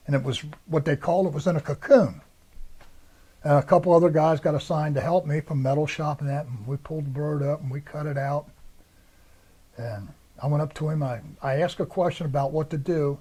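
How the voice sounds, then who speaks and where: A man's voice: fairly high pitch, moderate pace, mellow. An older American man, a Marine veteran, recounting his service in a rambling, anecdotal way and acting out the voices of the people he quotes. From United States. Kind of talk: oral history interview.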